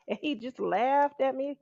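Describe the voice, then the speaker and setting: Gravelly-voiced chatty craft vlogger woman. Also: sits high, takes it slowly, no room sound, muffled recording. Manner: chatty, laughs often, lively asides. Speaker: craft channel host. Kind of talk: casual chat to viewers.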